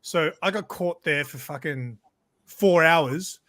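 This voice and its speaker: Brief: man, slightly high voice, dry close sound, rambling profane storyteller. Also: slow pace, a bit bright, no room sound. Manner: rambling, swears freely, laughs at himself. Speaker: regular in a group hang-out. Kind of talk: casual storytelling chat.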